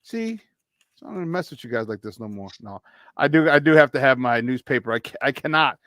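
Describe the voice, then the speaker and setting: A man hosting a morning sports talk show in casual chat, animated and jokey, laughing often and tripping over his words. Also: medium pitch, a little fast, no echo. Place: radio studio.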